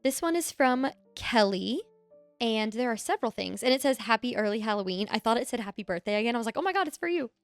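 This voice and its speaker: A woman's voice: fairly high pitch, animated, quick pace, dry recording, faint music behind. A young woman co-hosting a podcast, chatting casually and getting emotional over fan gifts. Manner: emotional, effusive. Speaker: podcast co-host. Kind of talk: casual chat.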